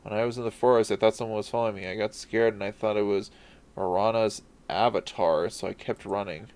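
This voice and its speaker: A man voices a scared little boy from a game, apologetic and halting. The reading stays close to his own low voice. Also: steady tone, a little mellow, close to an everyday voice. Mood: anxious.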